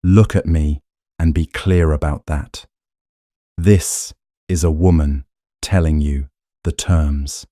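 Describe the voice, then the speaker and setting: A proud young countess of twenty-nine, voiced by a man reading the story, laying out her terms in a firm, measured way. The voice sits low and mellow. The recording is close and dry. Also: fairly even intonation, no echo. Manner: firm, measured, plain-spoken. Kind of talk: audiobook character reading.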